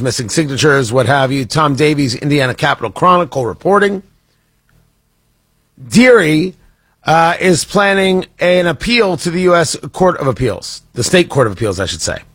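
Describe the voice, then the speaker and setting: A man's voice: fairly high pitch, a bit bright, husky, no echo. A man hosting a political talk radio show, speaking in a sarcastic, mocking monologue with frequent restarts.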